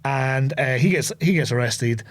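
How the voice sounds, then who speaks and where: A man with a Scottish accent, co-hosting a podcast and excitedly recapping a film with a lot of swearing. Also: mid-range voice, normal speed. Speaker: podcast co-host. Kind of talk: casual chat.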